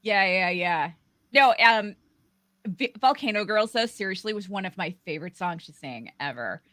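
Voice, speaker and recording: A woman's voice: medium pitch, lively intonation, normal speed, fairly bright tone, no room sound. A woman hosting a live aftershow stream, chatting casually with many fillers. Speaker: livestream host.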